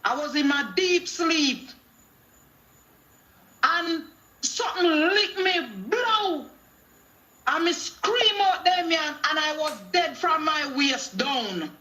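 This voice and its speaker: A woman's voice: extremely high pitch, expressive, takes it slowly, long pauses, pushed and bright. A middle-aged woman with a Jamaican accent, calling in to a talk show with a preachy testimony that quotes scripture and acts out dialogue in patois. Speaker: caller.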